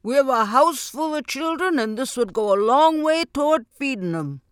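A woman's voice: sits high, expressive, moderate pace, clear, resonant tone, no room sound, studio quality, pitched above the performer's own voice. A woman voicing a jovial older male lighthouse keeper with a folksy, hearty way of talking.

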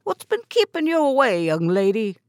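A jovial old lighthouse keeper , read by a woman, greets neighbors in an audiobook scene. His speech is folksy and hearty, pitched only slightly up. The recording is close and dry. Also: big pitch swings, normal speed, darkish tone, dry recording.

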